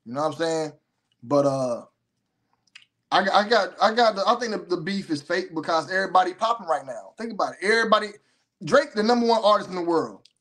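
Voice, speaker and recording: A man's voice: sits high, lively intonation, fairly quick, a bit bright. A man hosting a casual commentary show, telling rambling, profane stories with a lot of animation. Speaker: host.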